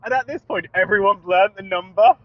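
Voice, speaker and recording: A British man co-hosting a podcast, telling an animated story with laughter and acting out both sides of a phone call. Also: sits high, brisk, dry recording. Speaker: podcast co-host. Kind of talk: casual storytelling chat. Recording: dull lo-fi sound.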